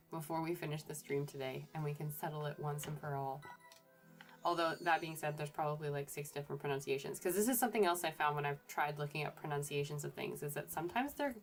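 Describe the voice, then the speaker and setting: A woman's voice: deep voice, fairly quick, faint music behind. A woman archaeologist giving casual commentary while streaming a game, chatty and hesitant, often correcting herself.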